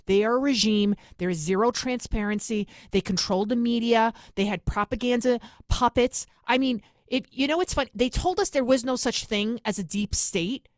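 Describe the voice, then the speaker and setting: A woman's voice: fairly high pitch, no echo, clean studio sound. A middle-aged woman with a New York accent, delivering a fiery, sarcastic political monologue as host. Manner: fiery, sarcastic, rapid-fire.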